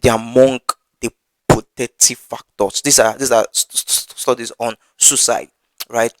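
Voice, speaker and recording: A man's voice: medium pitch, fairly even intonation, moderate pace, no room sound, low-quality recording. Earnest stammering man teaching from the Bible. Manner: earnest, frequent stammering and repeated words. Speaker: preacher.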